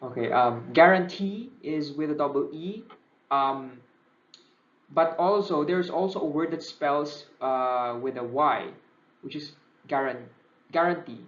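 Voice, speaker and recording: A man's voice: a little high, measured pace. A young man with a Filipino accent gives a recorded review lecture, switching between English and Tagalog and often checking in with "okay?". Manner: Taglish code-switching, frequent "okay?" checks. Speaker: civil service exam reviewer. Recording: echoey room, dull lo-fi sound.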